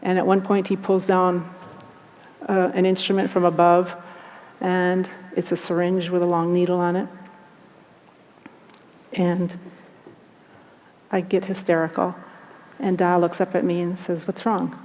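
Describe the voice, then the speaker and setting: A woman earnestly recounting personal experiences, speaking in a halting, reflective way. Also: fairly low pitch, completely flat delivery, a little mellow, a little hiss or hum. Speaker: guest recounting abduction experiences. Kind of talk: personal storytelling. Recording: long hall reverb.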